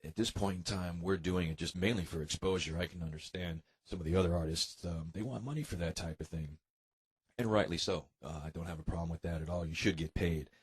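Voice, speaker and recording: An American man, a guest musician, answering interview questions in a relaxed, hesitant way. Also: low-pitched, fairly quick, slightly rough. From United States. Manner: relaxed, hesitant with many ums. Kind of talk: casual interview chat.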